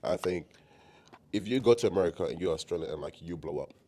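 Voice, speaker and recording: A man's voice: low-pitched, expressive, fast talker, warm tone. A man hosting a podcast, laid-back and teasing, with casual slangy talk. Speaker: podcast host.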